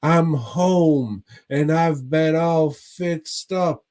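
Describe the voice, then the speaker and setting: A man's voice: a little high, drawn-out words, darkish tone, pitched above the performer's own voice. A man putting on the voice of a creepy old man with a lisp, pleading with a young woman. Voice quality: lisping. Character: creepy lispy old man trying to woo.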